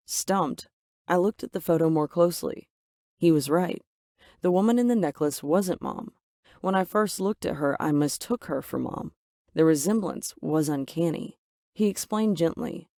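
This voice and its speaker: A woman's voice: sits low, normal speed, a little mellow, dry recording, clean studio sound. A young woman narrating her own story in first person in a dramatic, emotional scripted way. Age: young adult.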